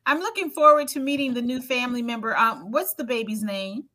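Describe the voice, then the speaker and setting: A woman's voice: a little high, fairly quick, sharp tone. A woman, co-hosting a casual podcast chat, teasing playfully and exclaiming often. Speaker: co-host.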